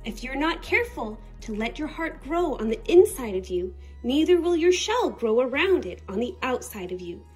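A woman voicing a big, wise old male crab in a storybook read-aloud, calm and instructive. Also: high-pitched, normal speed, few pauses, soft background music.

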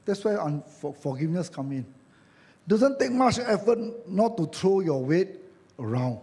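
This Malaysian English-speaking church elder has a high, dark-toned voice and a very animated delivery, a little on the slow side. His sermon is chatty and full of jokes, with acted-out quotes and tag questions.

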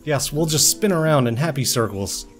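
A man's voice: a little high, lively intonation, moderate pace, faint music behind. A young man giving playful, joking gameplay commentary as a let's play host, swearing casually.

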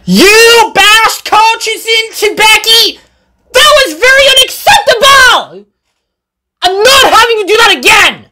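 A woman voicing a stern male railway boss who scolds loudly in a storybook tale. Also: mid-range voice, steady tone, normal speed, slight background noise, close to an everyday voice. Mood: scolding. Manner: shouting, indignant scolding.

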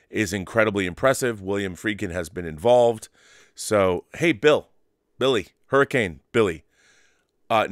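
A man co-hosting a casual chat show, telling rambling stories in an animated way and swearing freely. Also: mid-range voice, clean tone, no room sound, clean studio sound. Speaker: co-host.

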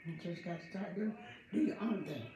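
An older woman chats softly and playfully with her family at home. Her voice is lowish and swoops freely, and there is a faint hiss behind her. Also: animated, a little fast. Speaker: host's mother. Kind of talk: casual family chat. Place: home, indoors.

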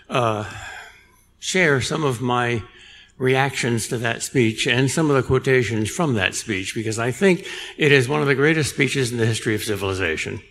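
An older man giving a public lecture, telling a story in a measured way with dry humor. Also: medium pitch, fairly bright tone. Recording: long reverb in a large hall.

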